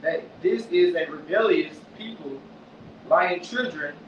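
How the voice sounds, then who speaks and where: A man reading scripture aloud haltingly, stumbling over the words. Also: fairly high pitch. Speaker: scripture reader. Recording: echoey, distant, dull lo-fi with faint noise.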